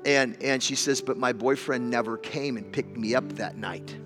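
A man's voice: medium pitch, moderate pace, music in the background. A man preaching, telling a story with repeated words and rising intensity. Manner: storytelling, repeats words, builds to loud emotional climax. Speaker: pastor. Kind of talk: sermon. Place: church hall with an audience.

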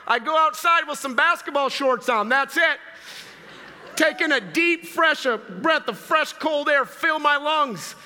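A man from Minnesota, a traveling preacher, doing an energetic comedic bit and calling out to a live crowd. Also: very high-pitched, measured pace. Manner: energetic, hyped-up, calls out to the crowd. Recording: long hall reverb.

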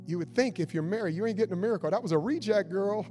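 A man preaching a fervent sermon in a church, swinging between loud build-ups and hushed passages. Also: high voice, very fast, soft background music. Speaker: pastor.

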